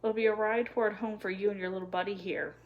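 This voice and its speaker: A woman's voice: mid-range voice, fairly even intonation, quick pace, muffled recording, lightly acted. A woman voicing a smug young male hobo who brags and drawls in a wheedling, mocking way, in a storybook reading.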